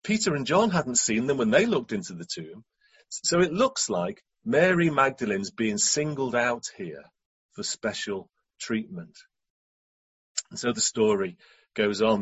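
A man's voice: mid-range voice, slightly rough, lo-fi sound. A man preaching a sermon in a reflective way, often asking rhetorical questions.

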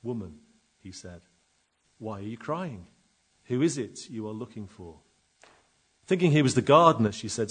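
A man delivers a sermon in a slightly husky, breathy voice. He reads scripture and then expounds on it, drawing out key words with slow pauses and swelling to loud emphasis before falling quiet again. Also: on the low side. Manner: dramatic, wide swings in loudness, slow emphatic pauses. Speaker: preacher.

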